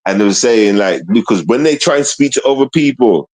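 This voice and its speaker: A man's voice: medium pitch, expressive, brisk, a little mellow, dry recording, rough recording. Streamer, man, loose slang-heavy ramble, dry close sound. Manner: loose, repetitive street slang with frequent tag questions. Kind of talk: rambling casual livestream chat. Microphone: streaming mic.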